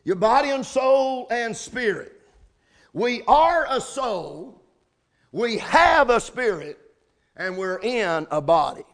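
A man preaching a sermon, building from steady teaching to shouted emphasis, spelling out key words. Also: very high voice, slow. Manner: rising to shouts, spelling out words, answering amen. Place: church service.

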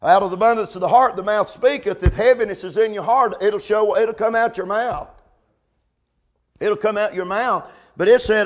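Male preacher, high-pitched, folksy sermon delivery with amens. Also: moderate pace. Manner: preaching with call-outs of amen and come on now.

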